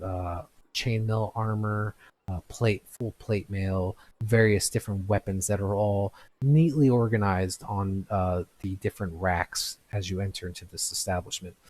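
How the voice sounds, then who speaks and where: A man narrating a tabletop game as game master, describing scenes in a halting, descriptive way. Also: low voice, darkish tone, slight background noise.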